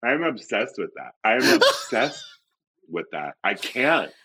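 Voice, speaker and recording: A man, an actor and comedian, chatting as a podcast guest and telling animated stories with lots of laughter. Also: slow, breathy edge. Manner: animated storyteller, swoops high for quoted voices and laughs. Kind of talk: casual interview chat.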